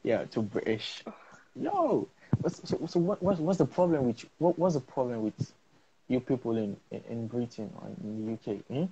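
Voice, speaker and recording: A man hosting a casual live-stream interview, playful and lively, often repeating words. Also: mid-range voice, brisk, highs cut off, a little hiss or hum. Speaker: interview host.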